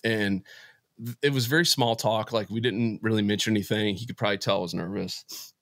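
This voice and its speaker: A man guest in a casual interview, telling a heartfelt personal story in an earnest, emotional way, often halting and restarting his sentences. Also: lowish voice, fairly even intonation, fairly bright tone, no echo, clean studio sound. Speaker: podcast guest, business founder.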